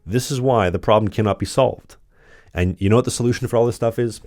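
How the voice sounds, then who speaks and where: A very low-voiced man ranting into the camera with blunt, combative sarcasm, hammering his points over and over. The sound is close and dry with no room around it. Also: fast, a little mellow, no echo. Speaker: political commentary channel host. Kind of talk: ranting political monologue.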